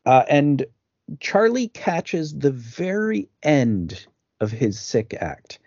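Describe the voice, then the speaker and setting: A man co-hosting a casual film podcast, rambling through the plot with fillers and restarts. His voice is mellow and dark. It is recorded dry and a little dull, like a lo-fi home setup. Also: fairly high pitch, sing-song, takes it slowly, slightly rough, dry recording. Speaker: podcast co-host.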